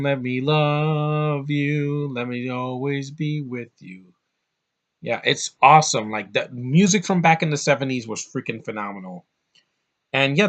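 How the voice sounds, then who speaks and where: A man talking straight to camera in a loose, rambling movie-review vlog. His voice is bright and forward, and he swears freely and gets heated. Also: medium pitch. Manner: rambling, profane, fired-up.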